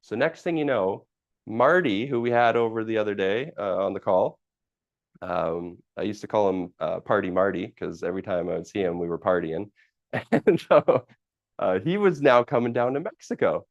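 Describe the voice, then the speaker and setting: Man, low voice, host of a live session, rambling story full of fillers, dry lo-fi sound. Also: lively intonation, normal speed, no room sound. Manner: rambling, with many fillers, restarts and casual swearing. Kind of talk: casual personal storytelling.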